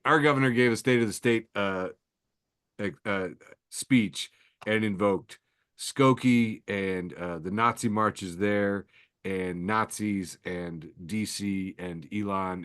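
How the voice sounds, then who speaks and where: A man hosts a casual podcast, reading posts aloud and tossing off wry, chuckling asides. His delivery is loose and conversational, at a medium pitch for a man. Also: a bit bright. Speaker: podcast host.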